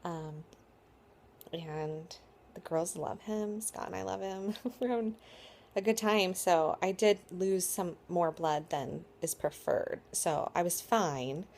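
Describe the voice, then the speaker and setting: A woman's voice: fairly low pitch, takes it slowly, creaky, darkish tone. A tired woman in her thirties casually telling a birth story to camera, rambling with lots of likes and ums. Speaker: vlogger.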